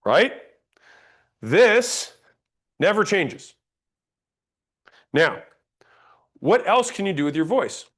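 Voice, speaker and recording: A man teaching a sales class, blunt and emphatic, demonstrating pauses and rising inflection as he explains. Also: high voice, sing-song, fairly bright tone. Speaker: sales trainer. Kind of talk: instructional talk on sales tonality.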